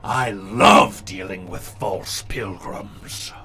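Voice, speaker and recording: A man's voice: deep voice, very slow, over music, pitched below the performer's own voice. A man voicing a boastful, bossy male frost giant with several heads, bellowing his lines at a tabletop game. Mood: menacing.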